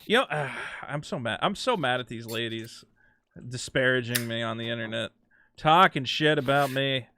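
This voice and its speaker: A man hosting a call-in show, chatting in an animated way and sometimes breaking into loud mock shouting. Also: medium pitch, moderate pace, slight background noise. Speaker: host.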